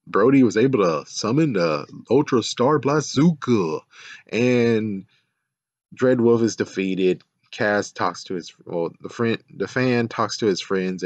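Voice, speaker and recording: Exasperated low-voiced man ranting. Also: measured pace, no echo, highs cut off. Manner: rambling, exasperated, sarcastic, mild swearing. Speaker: show reviewer. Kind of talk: casual episode recap and review.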